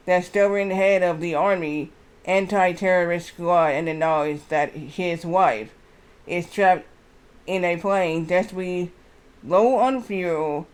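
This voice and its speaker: High, smooth-voiced man rambling on stream. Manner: rambling, reads aloud haltingly with many fillers. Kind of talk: casual live-stream chat.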